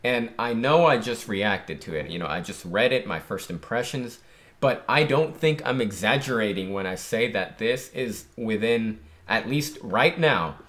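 A man giving excited, casual commentary while reacting to a comic chapter, hyped and animated, often saying "dude". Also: lowish voice, a little slow. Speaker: manga reaction streamer.

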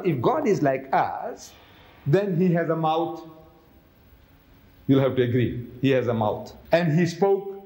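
A man's voice: a little high, a little mellow, roomy sound. A man giving a public religious lecture, firing rhetorical questions at his audience.

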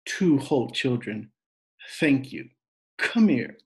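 A man reading aloud and voicing a fervent, devout older woman who calls out loudly and firmly. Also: very animated, slow pace. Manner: shouting praise, raised pitch.

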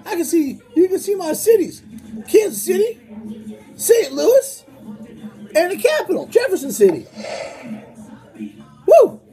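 A woman's voice: extremely high pitch, sing-song, a little slow, long pauses, mellow. A woman giving goofy, exclamatory gameplay commentary and putting on voices for places, with faint music behind.

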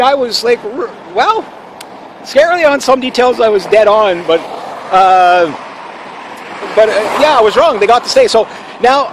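A Canadian man hosts a casual opinion vlog, speaking assertively but rambling, with fillers and restarts. His voice is very high, and the background is noisy.

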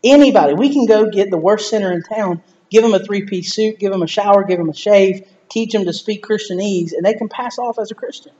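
A man with a high voice preaching to his church, chatty and animated, slipping into quoted lines along the way. The recording sounds dull and lo-fi. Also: a little fast, hardly any pauses. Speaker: pastor. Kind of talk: sermon.

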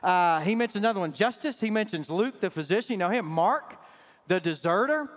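A man's voice: high-pitched, expressive, brisk. A man preaching a sermon to his congregation, emphatic and calling out to the people. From Southern US. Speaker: pastor. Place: large church sanctuary. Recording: reverberant church hall, faint music.

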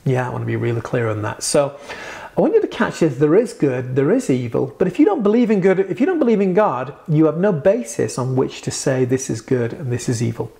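Male preacher, warm mellow tone, conversational teaching with emphatic peaks. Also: medium pitch, very animated, a little fast, creaky. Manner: earnest, conversational, emphatic bursts.

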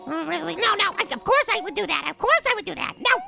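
A man voicing a tiny, cocky male cartoon apple with a sped-up, pitched-up voice, giving brash, giggly game commentary. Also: big pitch swings, quick pace, gravelly, heavily acted. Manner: brash, giggly, trash-talking. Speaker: gameplay commentator. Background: game music.

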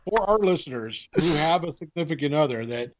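A man's voice: a little high, lively intonation, a little fast, slight background noise. Easygoing, rambling male podcast co-host. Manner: rambling, restarts often, easygoing. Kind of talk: casual chat.

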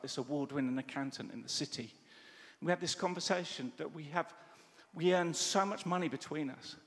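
A middle-aged man preaching a sermon, telling stories with lively quoted dialogue. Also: a little high. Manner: animated storytelling with quoted dialogue. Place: church hall. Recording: church hall reverb.

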